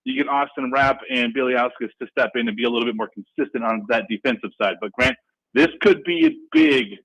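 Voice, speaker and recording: A man calling in to a sports radio show, talking in an energetic, excitable and rambling way. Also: mid-range voice, a little fast, creaky. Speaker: regular caller. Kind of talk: casual sports talk radio call. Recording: dull lo-fi phone line.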